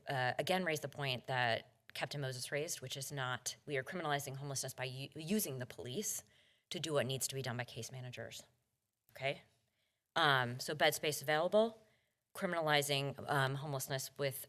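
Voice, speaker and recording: A woman advocate giving public comment in a council chamber, earnest and halting, with many ums and restarts. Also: rumbling low, a bit bright.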